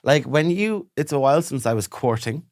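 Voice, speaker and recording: A man's voice: medium pitch, animated, normal speed, a little mellow, no echo, clean studio sound. A young man co-hosting a podcast, telling stories in casual chat and laughing often. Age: young adult. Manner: chatty storyteller, laughs often. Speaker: podcast co-host.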